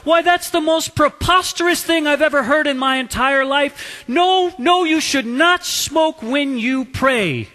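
A man's voice: very high-pitched, animated, normal speed, few pauses, fairly bright tone, voice pushed up. A man putting on the voice of an indignant old priest in a joke he tells. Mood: scolding. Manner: lofty, scolding preacher tone.

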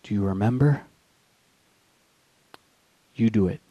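A man preaching a sermon, reading scripture and telling a war story, swinging from hushed and slow to loud and urgent. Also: lowish voice, slightly rough, no echo, muffled recording. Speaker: pastor.

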